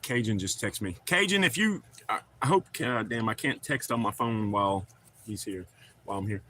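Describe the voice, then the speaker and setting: On a casual livestream, a man with a lowish, sharp-toned voice talks at a moderate pace and stays animated. He reads chat aloud, rambles through long stories, swears freely, and calls viewers brother, with slight background noise.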